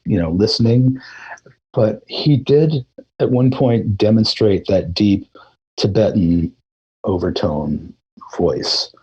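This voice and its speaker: A middle-aged man, a throat singer, telling his story in a relaxed, rambling way during a casual interview, with many fillers and restarts. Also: on the low side, slightly rough, muffled recording. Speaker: guest musician, throat singer.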